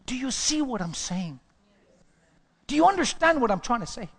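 A man's voice: very high voice, sing-song, moderate pace, a bit bright, big-room sound. A man pastor preaching a sermon with emphatic repetition, sometimes dropping to a whisper. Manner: emphatic preaching, repeats phrases, drops to whispers.

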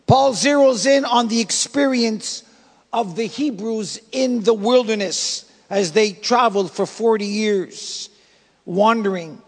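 A male pastor delivering an emphatic sermon, swinging between loud bursts and soft asides. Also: sits high, slow, long reverb tail. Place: church sanctuary.

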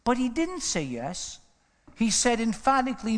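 High-pitched preacher man in a reverberant hall. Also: wildly swooping pitch, normal speed. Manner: passionate, swings from hushed low asides to rising emphatic runs. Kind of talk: sermon.

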